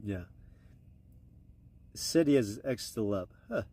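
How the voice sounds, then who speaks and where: A man's voice: on the low side, lively intonation, slow pace, warm tone, husky. A man rambling casually and crudely on a live stream, talking into his phone. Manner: crude, meandering, offhand.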